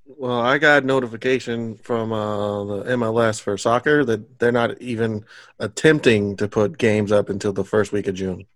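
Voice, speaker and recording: A man's voice: lowish voice, steady tone, moderate pace, no echo. A man in casual chat who jokes around and calls his friends "bro". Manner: joking, laid-back, calls people "bro".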